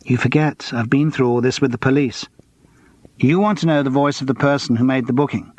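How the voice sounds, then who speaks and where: A man's voice: mid-range voice, fairly even intonation, fairly quick, a little mellow, lightly acted. A man reading an audiobook, voicing a young male escort and out-of-work actor who talks in a breezy, cheeky, gossipy way.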